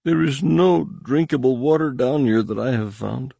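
A man voicing a whimpering male outcast servant who stammers and pleads in a high, husky put-on voice. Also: moderate pace, mellow, no echo, clean studio sound. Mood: fearful pleading.

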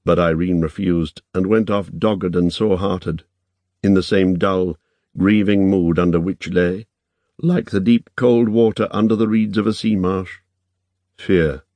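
A man narrates a novel in a measured, even storytelling manner. His voice is very deep, and the recording is dry and close to the mic. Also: no echo. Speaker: audiobook narrator. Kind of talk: scripted narration.

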